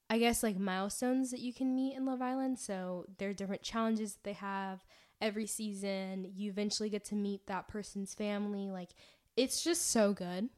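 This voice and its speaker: A woman's voice: mid-range voice, a little mellow, clean tone. A young woman co-hosting a podcast, chatting casually and bubbly, with lots of fillers and laughs. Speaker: podcast co-host. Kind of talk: casual chat.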